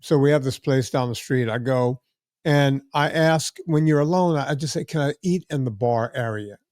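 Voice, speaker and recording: A man's voice: medium pitch, normal speed, a little mellow, no echo, studio quality. A middle-aged man hosting a podcast, telling stories in a blunt, chatty way and often repeating words as he starts a sentence. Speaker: podcast host. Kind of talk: casual chat.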